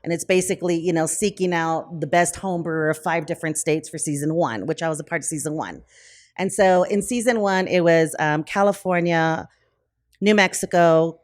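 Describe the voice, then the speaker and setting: Brewery-owner guest, woman, fairly low voice, chatty and animated, lots of ums. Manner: animated, acts out quoted conversations; frequent fillers like um and you know. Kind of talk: casual interview storytelling.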